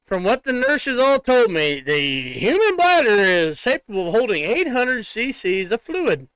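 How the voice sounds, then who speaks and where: A man's voice: extremely high pitch, very animated, a little slow, a bit bright, smooth, no echo. A man joking crudely while telling a hospital story in casual podcast chat. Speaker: podcast co-host.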